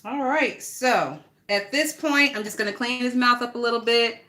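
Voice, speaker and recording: A vlogger with a slightly high, bright, forceful voice speaks at a normal pace. She chats casually and gossips bluntly, swearing a lot, while working on a craft project.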